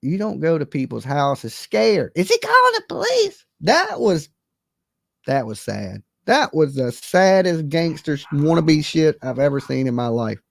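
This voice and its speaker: Gravelly, animated man hosting a stream. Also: unhurried, dry recording. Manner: blunt, slangy and profane; swoops between high exclaims and low mutters. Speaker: livestream host. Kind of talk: casual call-in chat and commentary.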